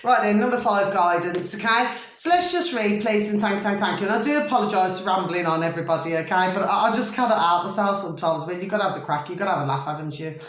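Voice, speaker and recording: A woman's voice: medium pitch, fast, few pauses. A middle-aged woman doing a chatty, rambling tarot reading to camera, often giggling. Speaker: tarot card reader. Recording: echoey room.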